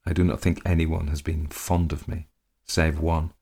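A man voicing a brooding, sullen gentleman who flares into rage. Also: rumbling low, level tone, moderate pace, gravelly, breathy edge, heavily acted. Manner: sullen and grim, flaring into rage.

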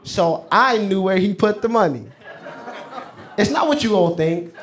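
A teenage boy tells a story from his own life on stage. His voice sits a bit higher than most men's, and he talks in a loose, slangy way, often laughing along with his own words. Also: expressive, measured pace, noisy background. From New York. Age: teens. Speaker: student storyteller. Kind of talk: live personal storytelling.

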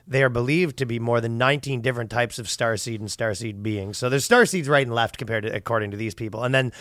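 A man's voice: mid-range voice, quick pace, a bit bright, no echo, clean studio sound. A man co-hosting a comedy podcast, chatting casually and reading quotes in mocking voices. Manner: reads quotes aloud in mocking voices, laughs often. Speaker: podcast co-host.

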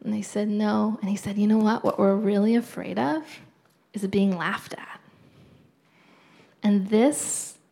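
A middle-aged woman giving an earnest, conversational sermon, often trailing off into soft near-whispers. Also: mid-range voice, steady tone, a little slow, vocal fry, pauses often. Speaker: preacher.

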